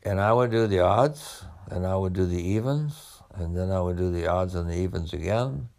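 A former police officer, now a medical student, reflects on his journey through medical school studies in a conversational, personal way. His deep voice has vocal fry and a darkish tone, and he speaks at a normal speed.

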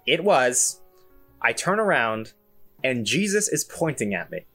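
A young man hosting a podcast, telling a story in an animated, self-amused way with lots of fillers and restarts. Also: medium pitch, unhurried, long pauses, soft background music. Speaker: podcast host. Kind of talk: casual solo storytelling.

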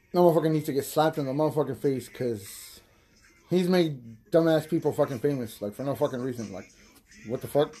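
A young man rambles through a casual podcast, high and swearing freely, often breaking into laughter. His voice sits a bit high for a man, yet it comes across husky and mellow. Faint music runs underneath him. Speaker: podcast host. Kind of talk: casual stoner podcast chat.

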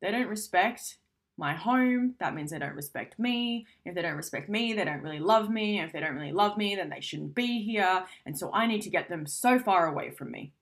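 Woman, casual self-help talk, frank, conversational, mid-pitched voice. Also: animated, moderate pace. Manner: frank, conversational, swears casually, acts out quoted arguments.

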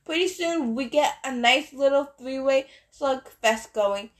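A woman's voice: sits high, unhurried. A woman reading an audiobook, voicing a brash, taunting adult male war god. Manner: swaggering, taunting.

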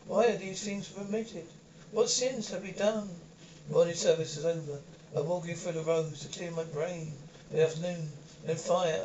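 A man's voice: warm tone, reverberant, far from the mic. A man reading a despairing middle-aged curate. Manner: anguished, lamenting, raising pitch. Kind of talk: audiobook character voice. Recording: dull lo-fi recording with faint hiss.

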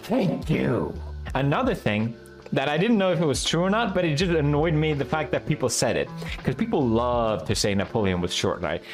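A man's voice: mid-range voice, very animated, normal speed, soft background music. A young man from Sweden, giving casual, sarcastic and profane reaction commentary as a video host.

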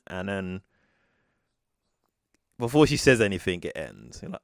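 A man's voice: sits low, expressive, unhurried, long pauses, no room sound, clean studio sound. A man co-hosting a podcast, recapping a film in casual chat and acting out the characters' lines. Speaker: podcast co-host.

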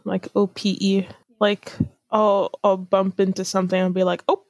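A woman's voice: medium pitch, completely flat delivery, moderate pace, a little mellow, no room sound. A young woman from Illinois, chatting in an easygoing way and laughing often. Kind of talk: casual chat.

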